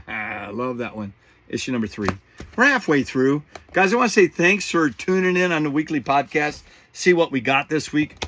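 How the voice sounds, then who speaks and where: A man's voice: medium pitch, fairly bright tone. A middle-aged man hosting a podcast, chatting casually and rambling with jokes and laughs as he shows off new comic books. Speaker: podcast host. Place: home studio setup.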